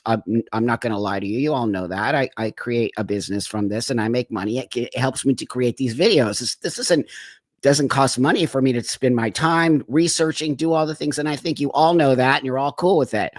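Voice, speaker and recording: A man's voice: medium pitch, no room sound. Man, stream host; chatty and emphatic, keeps asking "okay?", dry recording. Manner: chatty, laughs often, keeps checking in with "okay?"; frank, emphatic. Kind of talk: casual talk to viewers.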